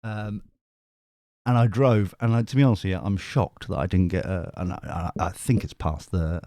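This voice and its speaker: A man's voice: low-pitched, steady tone, moderate pace, dark tone, no room sound, clean studio sound. A middle-aged man telling a rambling story on a live stream, full of restarts and casual swearing. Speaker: tarot reader and live streamer.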